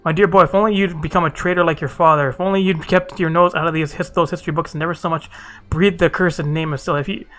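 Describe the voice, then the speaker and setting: A man voicing a grieving, suspicious old mother who nags with drawn-out taunts. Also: on the high side, fairly even intonation, fairly bright tone, close to an everyday voice. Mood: despairing.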